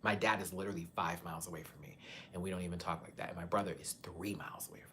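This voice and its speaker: A young man from Texas, hosting a live chat and talking frankly to his viewers, his voice swinging between soft and loud. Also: low-pitched, steady tone, racing, noisy background. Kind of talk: candid live-stream talk to viewers.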